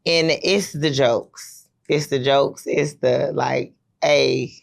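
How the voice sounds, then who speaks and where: A woman's voice: rumbling low, steady tone, slow pace, vocal fry. A woman in her thirties hosting a podcast, telling rambling stories with lots of fillers in casual chat. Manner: rambling, storytelling with many fillers. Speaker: podcast host.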